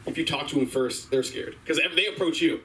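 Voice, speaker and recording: A man's voice: fairly high pitch, fairly bright tone. Rambling young man doing open-mic stand-up. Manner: rambling, halting, filler-heavy. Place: small comedy stage. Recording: distant mic, faint room noise.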